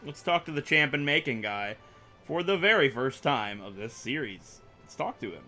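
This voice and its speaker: A young man chatting through a game playthrough, rambling and poking fun at himself. His voice swings animatedly up and down with a bright, forceful edge, and faint music plays underneath. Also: medium pitch, very animated, moderate pace. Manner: rambling, self-mocking, chatty. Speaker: gaming YouTuber. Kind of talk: let's play commentary.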